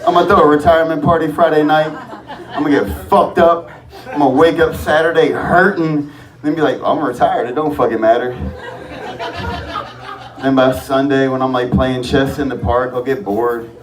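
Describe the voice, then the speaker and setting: A man doing a profane, rambling open-mic stand-up set on a comedy club stage. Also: fairly high pitch. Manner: profane, rambling, loose delivery. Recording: echoey club from far off, crowd laughter.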